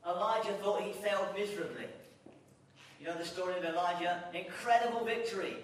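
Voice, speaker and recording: A man delivers a sermon with impassioned repetition and restarts. His voice sits high. He is heard from a distance in a strongly echoing hall. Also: steady tone, fast talker. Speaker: visiting preacher. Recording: echoey hall, distant mic.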